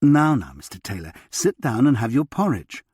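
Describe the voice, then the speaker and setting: Man voicing a brisk, motherly young woman. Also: mid-range voice, very animated, a little mellow, slightly rough, dry recording, studio quality. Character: brisk caring young woman, household governess.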